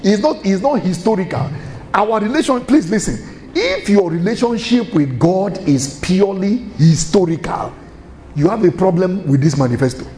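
Preacher guy, high voice swinging all over, echoey church hall. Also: normal speed, faint music behind. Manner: animated, rhetorical questions, chuckles often. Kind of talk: sermon.

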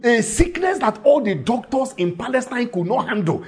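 A man preaching a sermon, fervent and shouting at times, telling stories and calling out to the crowd. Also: extremely high pitch, very animated, normal speed, breathy edge. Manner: fervent, shouting, storytelling with call-outs.

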